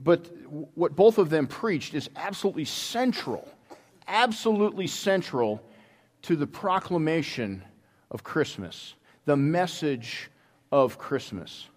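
A man preaching a sermon in a church, telling a story with many halting restarts. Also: fairly high pitch, animated. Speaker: pastor. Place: church sanctuary. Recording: long hall reverb.

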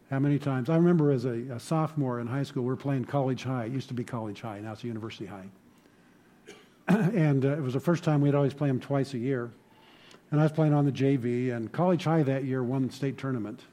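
A man's voice: medium pitch, quick pace, mellow. A middle-aged man preaching a sermon, telling stories conversationally and building to emphatic points. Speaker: pastor.

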